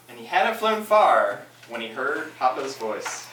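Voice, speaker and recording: A man's voice: mid-range voice, a little slow, few pauses. Man reading a picture book to kids. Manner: animated, asks children questions. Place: school room with children. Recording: echoey room, from far off, loud noise.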